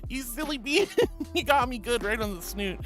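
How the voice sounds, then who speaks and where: A woman's voice: fairly high pitch, expressive, moderate pace, over music. A woman VTuber streamer in casual live-stream chat, playful and affectionate, giggling as she greets viewers and reads their messages aloud.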